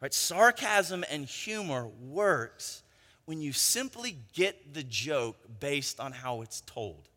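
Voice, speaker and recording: Guy preaching, chatty storyteller, keeps asking right?, bright high voice, echoey hall. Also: very animated, slow. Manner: conversational storytelling, frequent tag questions. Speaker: pastor. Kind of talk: sermon. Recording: long hall reverb.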